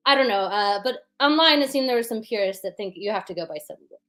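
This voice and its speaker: Expressive and quick, her medium-pitched voice carries a fairly bright tone. She's a guest pun performer chatting casually about her writing, with plenty of fillers and rhythmic sounds to illustrate her points.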